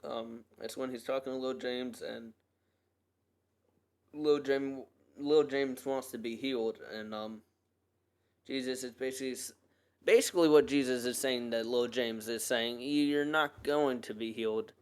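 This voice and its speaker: A man's voice: medium pitch, steady tone, measured pace, darkish tone, smooth. A man hosting his own podcast and talking alone in a loose, earnest, rambling way, full of fillers and restarts. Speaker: podcast host. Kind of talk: casual solo podcast monologue.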